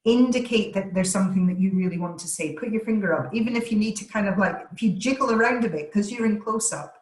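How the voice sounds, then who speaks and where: A woman voice coach answering webinar questions over a video call, stressing her words with deliberate, energetic emphasis. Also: medium pitch, roomy sound, rough recording.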